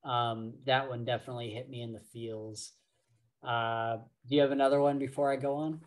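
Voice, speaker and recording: A man co-hosting a podcast, slowly and casually retelling book scenes with lots of fillers and restarts. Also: medium pitch, steady tone. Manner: slow, rambling retelling full of fillers. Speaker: podcast co-host.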